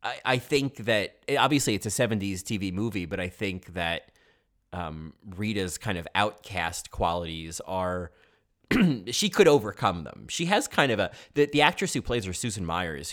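A rambling male podcast host talks through old movies, jumping off on tangents and cutting himself off mid-thought. His voice sits fairly low but swings widely in pitch as he gets excited. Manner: animated, rambling, tangents and self-interruptions. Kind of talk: casual film commentary.

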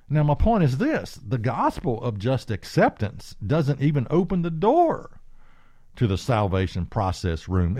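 A man's voice: on the high side, darkish tone, no echo, studio quality. A man preaching an earnest, emphatic sermon and reading scripture aloud.

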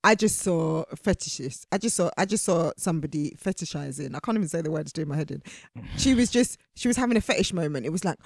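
A woman's voice: sits low, lively intonation, quick pace, hardly any pauses, no echo, clean studio sound. A woman from the UK, a podcast guest in casual chat, blunt and fond of mock-quoting people.

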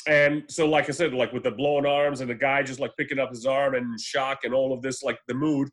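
A man in casual conversation about films, rambling and swearing freely, slipping into quick voices to retell scenes. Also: mid-range voice, steady tone, a bit bright. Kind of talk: casual movie chat.

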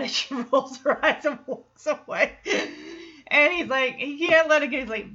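A woman's voice: high voice, animated, unhurried, sharp tone. A woman hosting a podcast who recaps a sitcom episode in a chatty way, laughs often and acts out the lines she quotes. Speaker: podcast host. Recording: muffled lo-fi recording.

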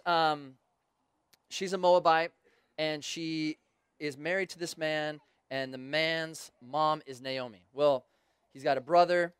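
A man's voice: a little high, clear, resonant tone, dry recording. Casual storytelling preacher, man, dry sound. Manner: casual storytelling with joking asides. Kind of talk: sermon.

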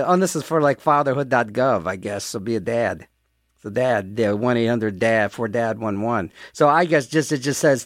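A man's voice: a little high, no echo, studio quality. A man hosting a casual radio music show, rambling and joking to himself between songs. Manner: rambling, jokey, talks to himself. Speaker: radio host.

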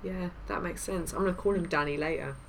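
A woman's voice: lowish voice, quick pace, creaky. A woman co-hosting a podcast, teasing and sarcastic, mocking herself in casual chat. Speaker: podcast co-host. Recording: noisy background.

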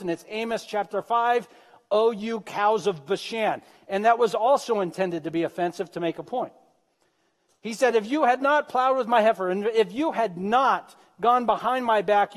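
High-voiced preacher in a reverberant hall. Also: male voice. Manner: joking asides to the congregation. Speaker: pastor. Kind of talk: humorous sermon.

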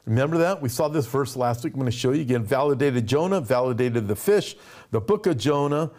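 A male pastor delivering a casual, conversational sermon. He talks with animation, often leaping higher in pitch as he voices imagined people. His pitch sits in the middle for a man. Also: a little fast. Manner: animated, conversational, acts out quotes.

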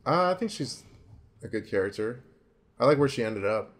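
A young man co-hosting a podcast, chatting casually about a TV show, animated and swearing freely. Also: mid-range voice, moderate pace. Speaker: podcast co-host. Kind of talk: casual chat.

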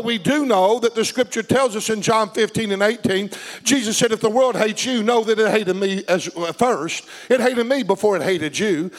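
A man preaching a sermon, reading scripture and putting questions to his congregation. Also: sits high.

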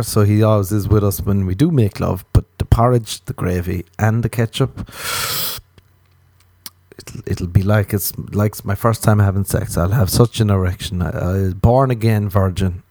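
Low mellow-voiced male comedian rambling. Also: no room sound, clean studio sound. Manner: absurd storytelling with sudden squeaky outbursts. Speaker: stand-up comedian. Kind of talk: rambling improvised comic monologue to listeners.

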